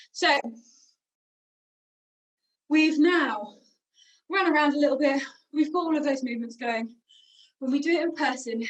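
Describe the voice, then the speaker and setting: A woman with a British accent leads a group warm-up game over a video call, moving around the room and slightly out of breath as she gives instructions. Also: sits high. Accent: British English. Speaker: singing workshop leader. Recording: voice from a distance from the mic.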